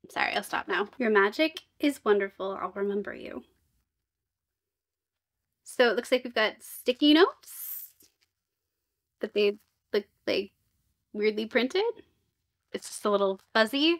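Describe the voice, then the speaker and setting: A young woman vlogging a book box unboxing, reading blurbs aloud and reacting with excitable, gushing asides. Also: mid-range voice, measured pace, long pauses. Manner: excitable and gushing, with squealing outbursts and jokey asides. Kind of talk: casual unboxing chat mixed with read-aloud book blurbs.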